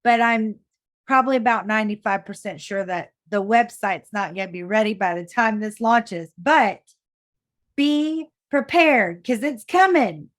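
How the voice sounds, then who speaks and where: A woman hosting a podcast interview, warm-hearted and chatty, often restarting her sentences. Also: mid-range voice, measured pace, no echo, clean studio sound. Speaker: podcast host.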